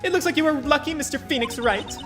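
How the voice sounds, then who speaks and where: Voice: high voice, fast talker, music in the background, voice pushed up, natural voice. A gamer reading the lines of an arrogant young female prosecutor in a cold, haughty way.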